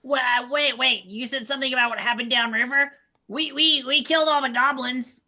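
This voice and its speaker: A woman playing in a tabletop game, jumping in with eager, quick remarks. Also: high voice, fairly even intonation, pushed and bright. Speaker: player.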